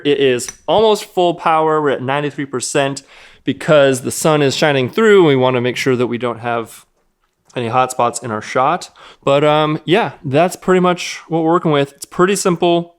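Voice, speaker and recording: A man's voice: medium pitch, clear, resonant tone. A young man, the host and videographer, casually explaining a filming setup with frequent fillers. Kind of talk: casual behind-the-scenes narration.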